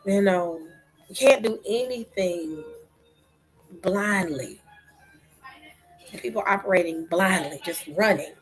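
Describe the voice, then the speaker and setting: A woman giving impassioned religious commentary, asking rhetorical questions and dropping into whispers between loud outbursts. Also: mid-range voice, slow pace, long pauses, breathy edge, soft background music, rough recording. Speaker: online talk host.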